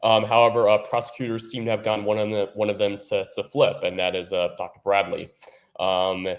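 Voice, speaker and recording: Reporter guy on a sports show, kinda low voice, lots of um and restarting sentences. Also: completely flat delivery. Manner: halting, many ums and restarts. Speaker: newspaper reporter. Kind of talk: casual interview answers.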